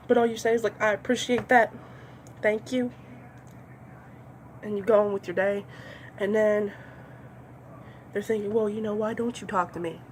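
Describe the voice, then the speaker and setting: A woman's voice: medium pitch, slight background noise. Profane ranting woman doing comedy. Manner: profane, ranting, acts out voices. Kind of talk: comedic monologue.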